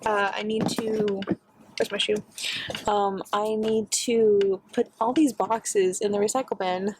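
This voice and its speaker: A woman's voice: medium pitch, fairly even intonation, takes it slowly, noisy background. A young woman, chatting casually in a vlog from her car, rambling with lots of fillers and cursing freely. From Texas. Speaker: vlogger. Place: in and around her car, partly outdoors. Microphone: phone camera set down nearby.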